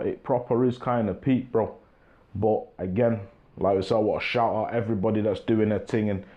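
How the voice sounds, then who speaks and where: A warm, mid-range male voice belongs to a young English host giving a casual solo talk to camera on his own show. He sounds easygoing and frequently says "you get me."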